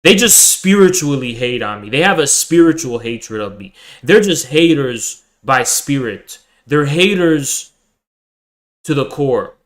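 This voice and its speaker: A man's voice: medium pitch, expressive, measured pace. A man streaming live, ranting in a profane, boisterous and confrontational way. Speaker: livestreamer. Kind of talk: ranting livestream monologue.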